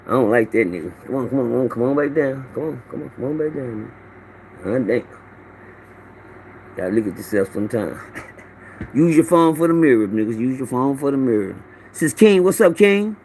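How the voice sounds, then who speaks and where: A man's voice: mid-range voice, lively intonation, normal speed, long pauses, darkish tone, slight background noise. A middle-aged man hosting a casual livestream, greeting viewers by name and telling loose, profane stories into his phone. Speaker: livestream host. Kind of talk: casual rambling livestream talk.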